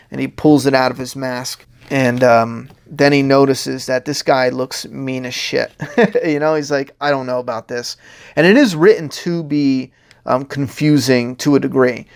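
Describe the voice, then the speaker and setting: A man with a medium-pitched, clear, resonant voice gives commentary as a comic writer, chatting casually and rambling through his pages. He laughs often and acts out the characters' lines.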